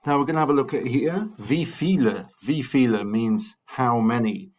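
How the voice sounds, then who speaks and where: A man teaching a recorded German lesson, drilling numbers slowly and patiently with cheerful encouragement to his pupils. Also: mid-range voice, darkish tone. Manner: slow, patient drilling with repeated counting. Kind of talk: recorded language lesson for children.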